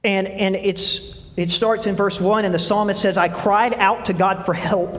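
High-voiced preacher in a reverberant hall. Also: male voice, fairly even intonation, measured pace, a bit bright. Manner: reads scripture aloud, asks the congregation questions. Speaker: pastor. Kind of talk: sermon.

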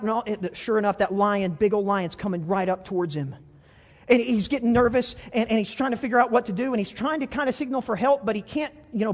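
High-voiced man preaching in a reverberant hall. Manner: folksy storyteller, frequent stammered restarts. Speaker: pastor. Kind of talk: sermon with storytelling.

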